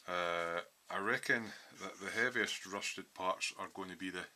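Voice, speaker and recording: Talking casually through a scale model build at home, this man often pauses with ums between steps. His voice is very low yet sharp and bright, and there's slight background noise.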